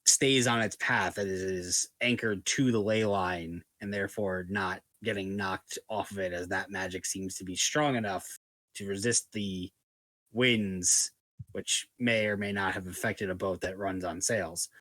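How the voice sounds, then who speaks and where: A man's voice: low voice, fairly even intonation, unhurried, a bit bright, no echo. A man running a tabletop game as game master, describing scenes in a loose, descriptive way. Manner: descriptive, loose, filler-heavy.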